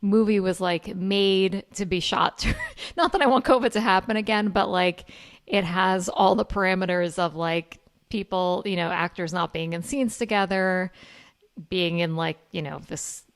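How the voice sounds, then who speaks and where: Gravelly-voiced woman podcast host. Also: medium pitch, a little slow. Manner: enthusiastic, filler-heavy. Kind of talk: casual film chat.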